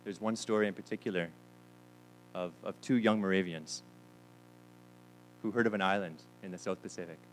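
A man's voice: low voice, steady tone, moderate pace, pauses often, soft background music, rough recording. A man preaching a sermon, telling stories and acting out the lines of the people in them. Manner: storytelling with quoted voices, repeats words. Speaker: pastor.

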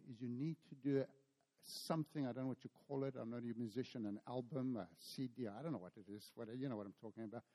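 Middle-aged South African man, animated storytelling preacher, warm dark tone, big reverberant room. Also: medium pitch. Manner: storytelling, animated, acts out dialogue. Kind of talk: sermon. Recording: long hall reverb.

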